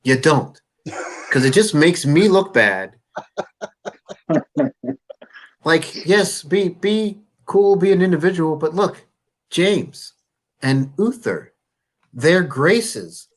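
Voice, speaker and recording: A man hosting a casual chat show, easygoing and quick to laugh. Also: on the high side, animated. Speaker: host.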